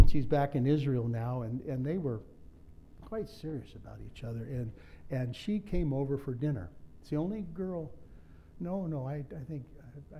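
A man's voice: mid-range voice, lo-fi sound, slight background noise. A middle-aged man preaching a sermon in a conversational way, with humorous asides and personal stories. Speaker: pastor.

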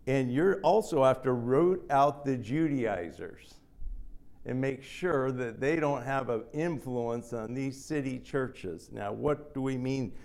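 A man's voice: mid-range voice, takes it slowly, gravelly, darkish tone. A man preaching a sermon in a teaching manner, often putting a question to the listeners and answering it himself.

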